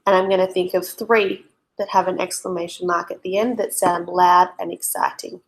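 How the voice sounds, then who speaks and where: A woman, a primary school teacher giving a recorded lesson to children, speaking slowly and clearly. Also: on the low side, flat delivery. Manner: slow and clear, spelling out and explaining for young pupils.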